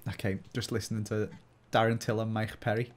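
A man with a Scouse accent from Liverpool, chatting casually as a guest player, thinking out loud and laughing easily. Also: on the low side, little pitch movement. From Liverpool, England. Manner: chatty, self-questioning, quick to laugh. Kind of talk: casual gaming chat.

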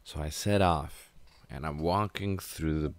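A man's voice: extremely low pitch, measured pace, dry recording. A young man telling a storytime tale in a casual, profane, laid-back rambling way. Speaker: vlogger. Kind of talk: storytime monologue.

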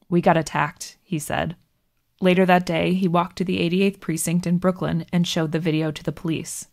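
A woman calmly narrating a scripted piece of narrative journalism. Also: sits low, vocal fry.

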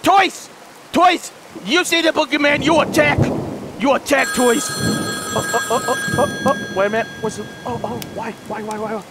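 A man hosting a horror let's play, frantic and jumpy, shouting and pleading, then muttering low to himself. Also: steady tone, normal speed, very noisy. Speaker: gaming channel host.

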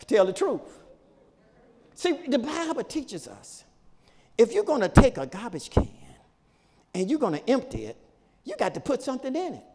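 A male pastor preaching a sermon in a folksy, repetitive style, with shouted peaks and laughter between points. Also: sits high, long reverb tail. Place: church sanctuary.

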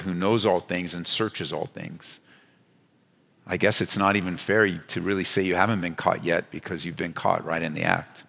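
A man preaching a sermon as pastor, earnest and emphatic, rising to urgent peaks and dropping to hushed, low asides. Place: church sanctuary. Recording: church hall with long reverb.

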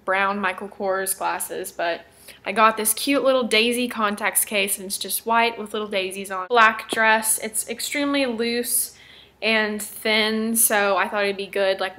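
A woman's voice: mid-range voice, pushed and bright. A young woman chatting casually in a haul vlog, talking about her purchases and filling her speech with "like". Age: young adult. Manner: chatty, lots of "like" fillers. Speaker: fashion vlogger.

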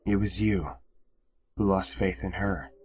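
A weary young man, resigned and doubting, speaking low and slowly, as a man reads his lines in a horror game. He sounds drained and subdued. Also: steady tone, slight background noise.

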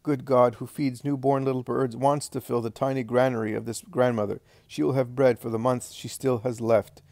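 A man voicing a gentle, joyful and dignified male teacher who speaks in a calm, encouraging way. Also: mid-range voice, normal speed, gravelly, hardly any pauses, no echo, natural voice. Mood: tender.

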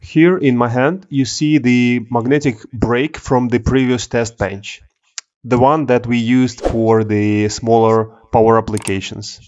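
A man walks through engineering hardware in a technical demonstration, his voice sitting at an ordinary middle pitch. He explains step by step, often pausing and restarting mid-phrase. The recording sounds dull and slightly lo-fi. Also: fairly even intonation, darkish tone. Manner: explanatory, hesitant with fillers and restarts. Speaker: engineer presenting a product demo.

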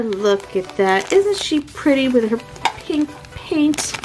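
A woman's voice: sits high, animated, measured pace, soft background music, low-quality recording. A woman narrating a toy unboxing in a sweet, gushing, sing-song way.

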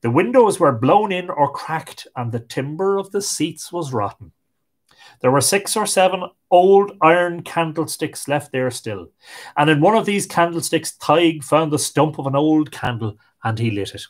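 An Irish man hosting a live stream, reading old fairy tales aloud in a lilting, expressive way. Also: fairly high pitch, normal speed. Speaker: host and storyteller.

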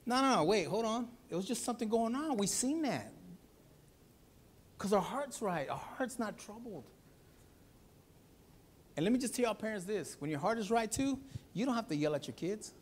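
A pastor preaching a Sunday sermon, telling a family story with acted-out voices. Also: male voice, high voice, normal speed, long pauses, husky. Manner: animated storytelling, acts out voices.

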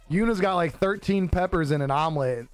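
A man's voice: high-pitched, clear, resonant tone. A young man on a live stream chatting casually with viewers, laid-back and joking, swearing freely and laughing often. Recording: dry close-mic with faint music behind.

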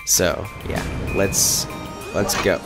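A man doing let's play commentary of a horror game from his home studio, breaking into panicky screams and loud swearing. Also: low-pitched, steady tone, very slow, gravelly. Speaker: gaming YouTuber. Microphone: desk mic, no webcam. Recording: game music playing behind. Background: game music.

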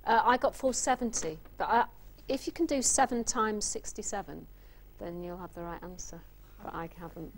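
A woman co-presenting a quiz show, calling out the numbers briskly and cheerfully and checking the contestants' working. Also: mid-range voice, slight background noise.

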